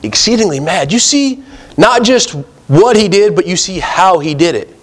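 A man's voice: high-pitched, animated, moderate pace. A man preaching a sermon, reading scripture aloud and then asking his listeners emphatic, rising questions in a conversational way. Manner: addresses listeners as guys, reads scripture aloud.

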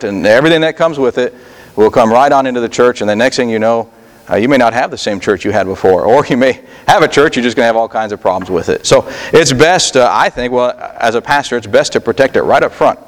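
A male pastor preaching a sermon in a conversational style, often pausing on fillers and restarting his sentences. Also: mid-range voice, big-room sound. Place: church sanctuary.

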